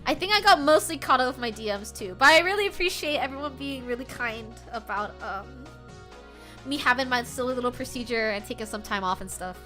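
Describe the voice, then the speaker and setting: A young woman streaming from home, chatting casually with her viewers, bubbly and swinging between soft murmurs and loud excited bursts. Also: on the high side, a little fast, faint music behind.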